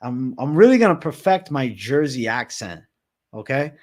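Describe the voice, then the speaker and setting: Young man, from Massachusetts, livestream host, casual chat, constant swearing, mid-pitched voice. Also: sing-song, moderate pace. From Massachusetts, USA. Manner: loose and profane, swears constantly. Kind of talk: casual livestream chat, reading viewer comments.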